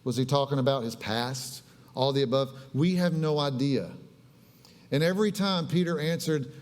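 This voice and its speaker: A man's voice: mid-range voice, moderate pace, a little mellow. A male pastor preaching a casual sermon, chatting with the congregation and telling stories in a conversational way. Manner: conversational, storytelling with audience asides. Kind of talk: casual sermon with live demonstration. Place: church sanctuary. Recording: long reverb of a church hall.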